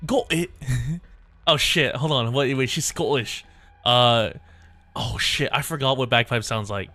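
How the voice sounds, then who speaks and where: Male streamer who reads game lines in voices and cracks up at himself; sharp, bright tone. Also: mid-range voice, unhurried, dry recording. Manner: voices characters, breaks off laughing at himself. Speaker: streamer reading game dialogue aloud. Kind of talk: casual live game stream with voiced dialogue.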